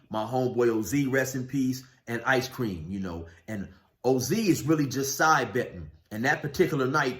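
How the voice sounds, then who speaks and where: A man casually telling a story from his past in a laid-back, drawling way, full of "man" and "you know". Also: mid-range voice. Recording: roomy echo.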